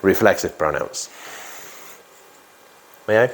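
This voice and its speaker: Guy teaching grammar to a class, talks slow, voice goes up and down a lot, keeps repeating examples. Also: low-pitched, a little hiss or hum. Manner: slow and lively, repeats example sentences, quizzes students. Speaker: English teacher.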